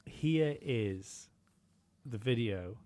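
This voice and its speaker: A man's voice: medium pitch, animated, drawn-out words, darkish tone, no echo. A man co-hosting a podcast, chatting casually, rambling with many fillers and some swearing. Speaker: podcast co-host.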